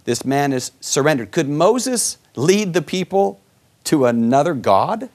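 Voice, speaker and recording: A man teaches scripture in a relaxed back-and-forth, his voice swinging widely in pitch as he stresses points. He often checks in with his partner through rhetorical questions. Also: unhurried. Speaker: preacher co-hosting a Bible discussion. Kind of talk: conversational Bible teaching.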